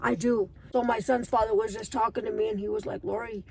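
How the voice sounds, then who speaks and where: A woman's voice: fairly high pitch, fairly even intonation, fast talker, gravelly, mellow, slight background noise, rough recording. A woman in her thirties telling viewers her own story in an earnest, emotional way. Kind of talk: personal storytelling to camera.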